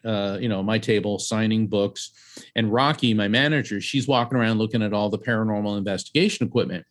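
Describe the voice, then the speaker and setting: A middle-aged man from Central Florida, a psychic medium and author, telling a vivid story as an interview guest and acting out the voices of the people in it. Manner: animated storyteller, acts out voices and raises his pitch sharply.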